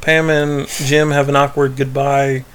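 A man's voice: medium pitch, little pitch movement, unhurried, a bit bright, smooth. A man co-hosting a podcast, chatting casually as he recaps a TV episode, rambling, laughing and acting out quoted lines. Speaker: podcast co-host.

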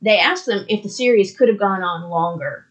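A woman's voice: medium pitch, moderate pace. A woman co-hosts a casual podcast in a mid-range voice. She is chatty and laughs often while recapping scenes with amusement. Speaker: podcast co-host. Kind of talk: casual chat.

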